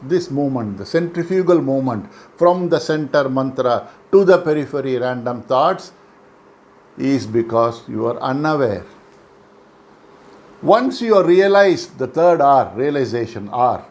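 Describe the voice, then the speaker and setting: A man giving a calm, measured meditation lesson, repeating his key phrases as he explains. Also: a little high. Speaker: meditation teacher. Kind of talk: instructional lecture.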